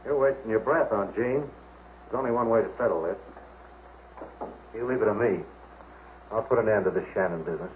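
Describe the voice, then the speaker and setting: A man plays a surly brother in an old film who talks in a low, clipped voice. The sound is narrow and phone-like. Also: brisk, pauses often, background noise, close to an everyday voice. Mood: menacing. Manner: menacing, curt.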